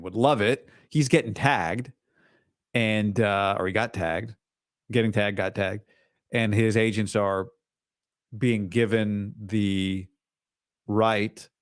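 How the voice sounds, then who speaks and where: A man's voice: lowish voice, dry recording, clean studio sound. A man hosting a sports talk show, reading listener comments and answering them with blunt opinions and sarcastic asides.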